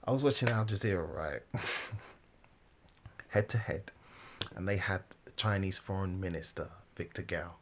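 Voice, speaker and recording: A man giving casual, animated religious commentary, laughing often and mimicking the people he talks about. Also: low-pitched, moderate pace, pauses often, slight background noise.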